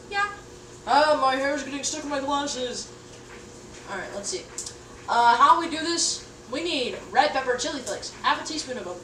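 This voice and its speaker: Young female streamer, goofy and rambling, cooking at home, higher voice. Echoey room, mic at a distance, noisy background. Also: normal speed, sharp tone. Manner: goofy, rambling, swears casually, talks to chat. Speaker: livestreamer. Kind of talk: casual livestream chat while cooking. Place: home kitchen.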